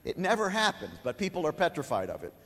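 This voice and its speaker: Man, conference speaker, humorous and lively, acts out a kid, long hall reverb, stage mic. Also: on the high side, fast. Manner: humorous, animated, acts out a kid's lines. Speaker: lecturer. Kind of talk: conference lecture.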